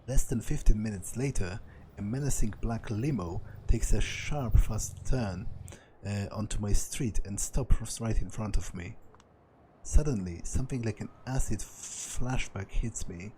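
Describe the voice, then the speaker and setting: A man's voice: lowish voice, unhurried, mellow, a little hiss or hum, poor audio. A man reading a visual novel aloud as a let's play narrator, doing every part in his own voice and stumbling over words now and then. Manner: reads every part in his own voice, with small slips and restarts.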